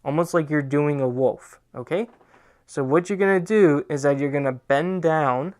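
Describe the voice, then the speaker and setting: Leading a dance tutorial step by step, this young man asks "okay?" after every move and counts each one out slowly. His voice is fairly high and a little mellow.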